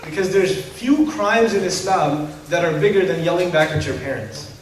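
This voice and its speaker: High-voiced male lecturer in an echoey hall. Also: normal speed, slight background noise. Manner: animated and humorous, rhetorical questions. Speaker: Islamic lecturer. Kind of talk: lecture to an audience. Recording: echoey hall, distant mic.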